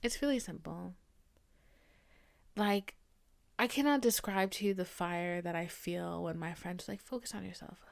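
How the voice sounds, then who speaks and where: A woman's voice: fairly low pitch, fairly even intonation, unhurried, creaky, long pauses. A young woman in her twenties hosting a solo podcast, ranting bluntly and with exasperation, sometimes dropping into whispers and swearing. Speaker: podcast host. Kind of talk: casual solo podcast rant.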